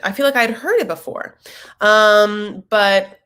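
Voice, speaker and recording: A woman hosting a casual livestream recap of a reality show, animated and jokey, full of fillers and playful put-on voices, laughing at her own jokes. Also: medium pitch, takes it slowly, smooth.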